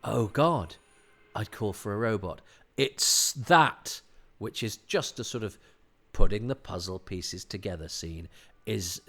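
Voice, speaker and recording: A man giving a casual commentary on a classic TV serial, chatty and halting, breaking into acted-out quotes. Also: deep voice, a bit bright.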